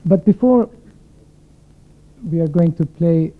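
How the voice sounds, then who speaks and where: Male concert violinist, reflective spoken intro from the stage, slightly high voice, tinny lo-fi capture. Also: expressive, slow pace. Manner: reflective, explanatory, poses questions to the audience. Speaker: concert violinist addressing the audience. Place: concert stage before a live audience. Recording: thin phone-like sound.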